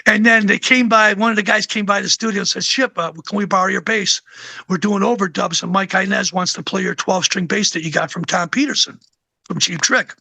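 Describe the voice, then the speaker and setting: A man's voice: high voice, fairly even intonation, brisk, gravelly, bright, forceful tone, dry recording. An older man, a musician guest, telling a rambling anecdote in a casual interview with plenty of fillers.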